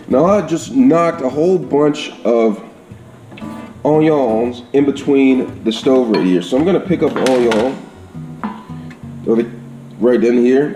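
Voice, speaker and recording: Chatty man cooking in an echoey kitchen. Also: mid-range voice. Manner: chatty, repeats "all right?" and "absolute goodness". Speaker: home cook. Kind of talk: casual cooking demonstration. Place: home kitchen. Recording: echoey kitchen with faint guitar music.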